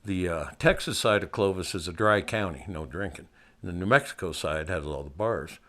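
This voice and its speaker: A man's voice: low-pitched, brisk, a bit bright. An older man from Montana telling a personal story in a folksy, wry way, laughing at himself.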